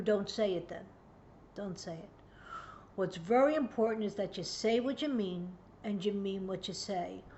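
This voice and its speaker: A woman's voice: mid-range voice, darkish tone. A woman in her sixties giving a direct-to-camera parenting lesson, earnest and emphatic, sometimes acting out parent and child voices. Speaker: parenting educator. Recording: dull lo-fi sound, faint background hum.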